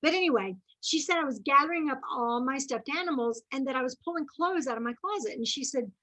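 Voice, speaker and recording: A woman's voice: sits high, lively intonation, fast talker, fairly bright tone, poor audio. A woman giving an earnest, faith-based motivational talk to a sales team, chatty and full of asides.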